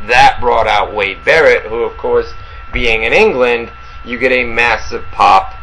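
A man co-hosting a casual wrestling podcast, talking at an average pitch and rambling through his points with plenty of fillers and restarts. A faint hum runs underneath the recording. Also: measured pace, sharp tone, low-quality recording. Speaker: podcast co-host.

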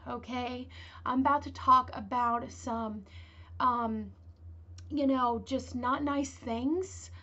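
Chatty high-voiced woman podcast host. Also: pushed and bright, muffled recording. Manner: rambling, chatty, lots of "like" and "you know". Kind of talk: casual true-crime podcast chat.

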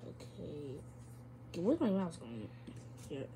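A woman's voice: mid-range voice, big pitch swings, measured pace, darkish tone, a little hiss or hum. A woman giving casual, chatty let's-play commentary, giggling and talking back to a game character. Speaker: gamer.

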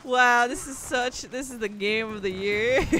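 A woman streaming a video game, commenting on her play in an excitable way, swearing freely and laughing often. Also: fairly high pitch, takes it slowly, faint music behind. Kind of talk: live gameplay commentary.

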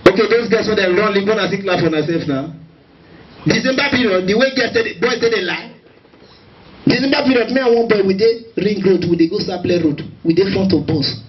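Nigerian pidgin comedian on stage, high voice, recorded from far off and kinda muffled. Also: male voice, a little fast. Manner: animated storytelling with many acted quotes. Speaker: stand-up comedian. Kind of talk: live stand-up comedy. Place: large live stage venue. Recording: distant, dull stage recording.

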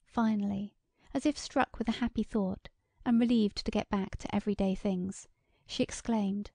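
Woman, audiobook narration, gravelly, mellow, dry studio sound. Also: mid-range voice, no echo. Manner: measured, even storytelling. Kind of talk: scripted narration.

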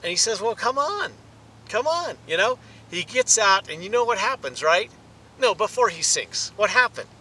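A man teaching a sermon, animated, his voice rising for emphasis. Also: normal speed, breathy edge, rough recording. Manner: animated, rises in pitch and volume for emphasis. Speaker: pastor.

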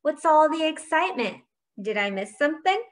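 A woman voicing a smug, falsely cheerful boy who flatters the adults. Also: a little high, a little slow. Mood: fawning. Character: smug, fawning rich boy.

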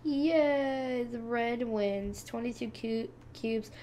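A woman's voice: a little high, slow pace, warm tone. A young woman hosting a gaming channel, chatting playfully to viewers as she plays. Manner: chatty, playful, talks to viewers while clicking. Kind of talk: casual gameplay commentary.

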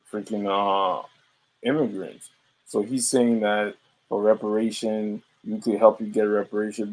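A man's voice: lowish voice, a little mellow, low-quality recording. A man speaking as a podcast panelist in a casual discussion, blunt and profane.

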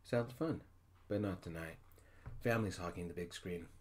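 A man voicing a friendly, busy young man welcoming a friend, in a soft-spoken ASMR story, whispered role-play. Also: deep voice, normal speed, natural voice.

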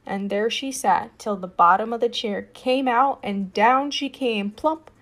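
A woman telling a fairytale as a guest storyteller, reading expressively with lively emphasis. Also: a little high, measured pace. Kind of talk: storybook narration. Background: background music.

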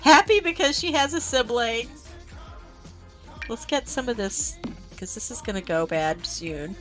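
A woman's voice: on the high side, expressive, a little slow. A woman streaming a game live, gushing and talking to her game characters as she plays. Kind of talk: live-streamed gameplay commentary. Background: game music.

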